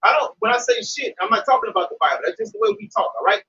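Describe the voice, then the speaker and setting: Brief: New man, very high and lively, emphatic and profane, mic distant and muffled. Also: racing, creaky, husky. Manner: animated, emphatic, swears freely. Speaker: Hebrew Israelite member discussing scripture. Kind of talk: casual religious discussion. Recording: distant dull mic with faint noise.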